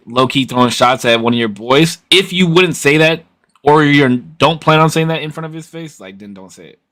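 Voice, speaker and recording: Young male co-host, casual opinion-giver, bright forceful timbre. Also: medium pitch. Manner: reasoning, offers opinions casually. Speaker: podcast co-host. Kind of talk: casual chat.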